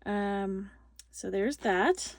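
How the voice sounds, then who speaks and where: A woman's voice: medium pitch, very slow, gravelly, dry recording. A woman hosting a casual craft tutorial, chatty and rambling, full of fillers and restarts, recorded on a phone.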